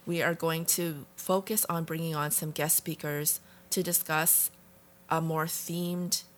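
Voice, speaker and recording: Low-voiced woman podcast co-host. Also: flat delivery, a little slow, slight background noise. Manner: reflective, frank, occasionally swears. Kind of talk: casual conversation.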